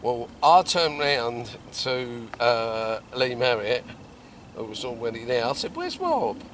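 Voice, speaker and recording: A middle-aged man, a carp angler, telling a fishing story outdoors by a lake in a lively, animated way with loud bursts. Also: medium pitch, takes it slowly, noisy background. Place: outdoors at a lakeside swim.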